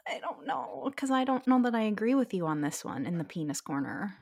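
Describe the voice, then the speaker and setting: A woman's voice: mid-range voice, very animated, fairly quick, a little mellow. Candid, rambling woman podcast guest. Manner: candid and rambling, with many restarts. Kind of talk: casual chat.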